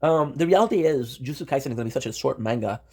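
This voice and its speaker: A man's voice: medium pitch, lively intonation, rapid-fire, a little mellow. A man streaming live, chatting casually and rambling, often talking to himself and swearing offhand.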